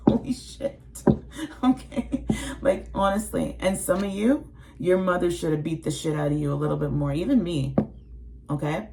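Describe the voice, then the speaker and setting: Here the same sort of speaker, a woman in her forties who reads tarot, vents to her audience with raw emotion, plenty of profanity, and mocking impressions of others. She speaks at a normal speed in a lowish, gravelly voice over a noisy background.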